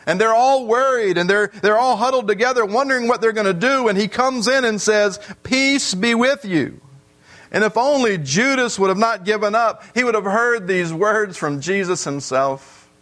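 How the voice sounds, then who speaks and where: With a high, slightly bright voice, this pastor gives an earnest sermon in church, circling back over the same points and letting long pauses stretch out before his congregation.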